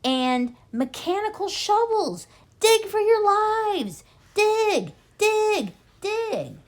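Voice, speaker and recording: A woman voicing a desperate male fox father who shouts high and breathless at his family in a storybook reading. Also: wildly swooping pitch, normal speed. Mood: frantic.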